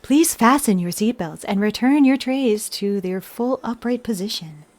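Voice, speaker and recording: A woman doing a calm robotic announcer. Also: on the high side, close to an everyday voice. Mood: calm monotone. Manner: slow, even, soothing loudspeaker delivery. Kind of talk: mock announcement impression.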